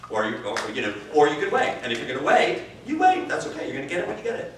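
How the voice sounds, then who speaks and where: A man teaching improv, answering interview questions in an animated way, swearing and swinging from quiet musing to loud bursts. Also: a little high, rapid-fire. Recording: distant roomy recording with faint noise.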